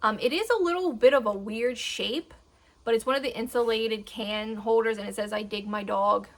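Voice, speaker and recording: Woman, 30s, slightly high voice, casual rambling vlogger who keeps getting sidetracked. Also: moderate pace. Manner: chatty, rambling, talks to her dogs mid-sentence. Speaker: beauty vlogger. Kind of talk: casual chat.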